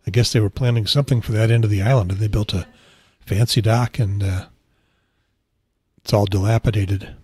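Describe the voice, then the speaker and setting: Male podcast host, husky and low, dry close sound, hushed rambling delivery. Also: steady tone, normal speed, no echo. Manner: rambling, self-correcting, quiet. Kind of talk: casual solo podcast talk. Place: outdoors on a beach trip.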